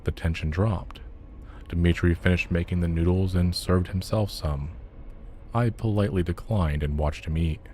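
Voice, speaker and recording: A man narrating a scripted horror story in a calm, measured way. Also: deep voice, a little hiss or hum. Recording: soft music under the voice.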